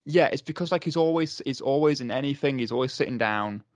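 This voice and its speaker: A man's voice: mid-range voice, fast talker, no room sound. Easygoing man, dry close sound. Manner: offhand, agreeable, brief replies. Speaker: podcast co-host. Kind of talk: casual film chat.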